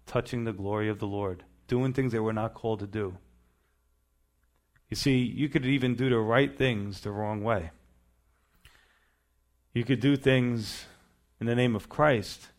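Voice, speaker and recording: A male pastor preaching a sermon, building to emphatic bursts and then dropping to quieter asides. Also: medium pitch.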